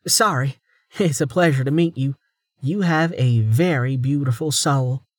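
A man's voice: medium pitch, unhurried, darkish tone, no room sound, studio quality, voice pushed up, lightly acted. A man voicing an awkward, nervous young female officer who stumbles over her words. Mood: flustered. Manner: flustered and stumbling.

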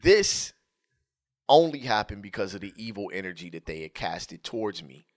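A man co-hosting a podcast, telling a comic story in a casual, animated way. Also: lowish voice, normal speed. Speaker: podcast co-host. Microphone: headphones and studio microphone.

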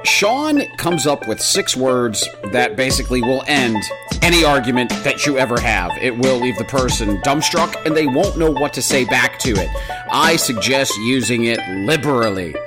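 A man's voice: medium pitch, lively intonation, moderate pace, loud music behind the voice. A man co-hosting a comedy podcast, telling stories in crude, jokey banter and laughing often. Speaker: podcast co-host.

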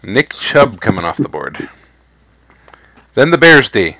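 A man's voice: medium pitch, big pitch swings, slow, sharp tone, no echo. A man co-hosting a fantasy football podcast, chatting casually and upbeat while announcing his draft picks. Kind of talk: casual chat during a live draft. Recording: dry, dull lo-fi recording.

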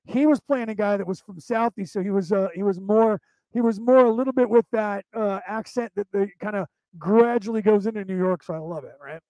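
A man from central California with a Southern drawl and Boston touches, hosting a podcast in fast, rambling casual talk full of fillers. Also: high voice, warm tone, no echo, low-quality recording. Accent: American with Southern drawl and Boston touches. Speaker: podcast host.

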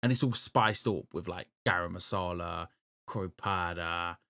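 A man's voice: sits low, moderate pace, creaky, bright, forceful tone, clean tone. A man, a podcast co-host in casual chat, rambling with lots of fillers. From Europe. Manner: rambling, full of "like" and "um".

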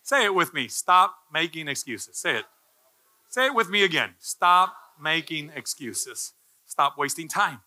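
Bright-voiced jokey male pastor preaching. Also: on the high side, very animated, moderate pace, low-quality recording. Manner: jokey, builds to loud passionate preaching. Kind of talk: sermon.

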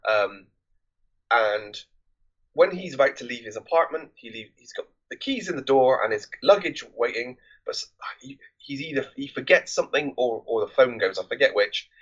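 A man's voice: medium pitch, animated, normal speed, fairly bright tone, husky, muffled recording. A man hosting a film podcast, recapping a movie plot in a loose, rambling, conversational way.

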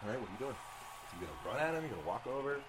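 A man narrating as game master of a tabletop game in an animated, chatty way. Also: medium pitch, rapid-fire, noisy background. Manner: animated, chatty, laughs often.

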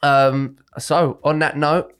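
A man's voice: a little high, little pitch movement, slow, a bit bright, smooth. Easygoing man signing off his podcast. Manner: laid-back, chummy, says "mate" and "man" a lot. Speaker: podcast host. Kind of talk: casual chat and show sign-off.

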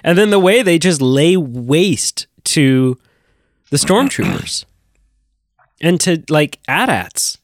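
Animated man rambling about films. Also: on the high side, takes it slowly, dry recording, studio quality. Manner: enthusiastic, rambling with restarts. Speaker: podcast co-host. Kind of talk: casual chat.

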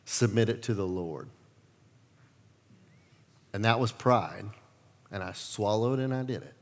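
A male pastor preaching a sermon, telling stories with lively acted-out quotes. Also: fairly low pitch, a little slow, big-room sound. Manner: animated storytelling, acts out quotes.

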